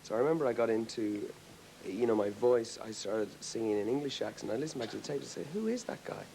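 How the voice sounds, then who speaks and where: Rambling and reflective, this Irish rock singer often starts his sentences over while chatting as a guest in a relaxed TV studio interview with an audience present. He talks fast in a lowish, gravelly, warm voice. The audio is poor and carries slight background noise.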